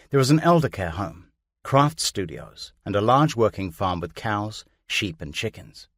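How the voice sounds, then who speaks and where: A man narrating a true-crime audiobook in a measured, even storytelling manner. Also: on the low side, dry recording, studio quality.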